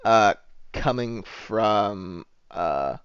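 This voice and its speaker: A man with a lowish voice runs a tabletop game, describing the scene in a loose, rambling way full of fillers. The recording sounds dull and lo-fi, and very dry. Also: animated, very slow, a bit bright, clear, resonant tone, dry recording. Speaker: dungeon master.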